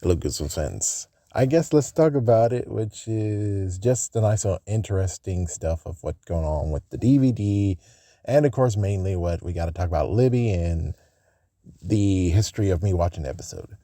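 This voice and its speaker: A man talks through a casual fan vlog in a mellow, warm voice, recorded dry and close. He rambles and restarts his sentences and swears freely. When something annoys him, he breaks into loud, high-pitched rants. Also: expressive, normal speed, dry recording. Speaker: fan channel host.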